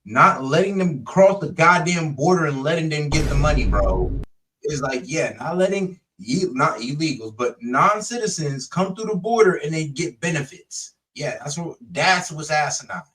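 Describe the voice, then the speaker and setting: A man's voice: on the high side, expressive, moderate pace, a bit bright. A man casually reacting to a video, sarcastic and incredulous. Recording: voice a bit distant from the mic.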